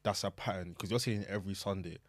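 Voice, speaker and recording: Low-voiced man, laid-back. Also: steady tone, fast talker, no echo. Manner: laid-back questioning, slangy. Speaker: podcast co-host. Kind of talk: casual chat.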